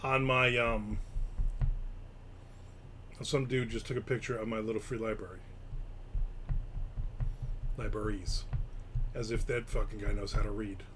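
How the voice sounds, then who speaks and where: A man's voice: lowish voice, fairly even intonation, measured pace, long pauses, noisy background. A man hosting a casual live show, grumbling and swearing sarcastically as he tells stories. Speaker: podcast host. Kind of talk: casual live-stream chat.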